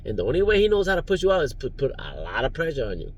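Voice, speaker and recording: A man's voice: on the high side, wildly swooping pitch, very fast. A man giving rambling, preachy life advice in a casual vlog, recorded in his parked car, chuckling now and then. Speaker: vlogger, driver.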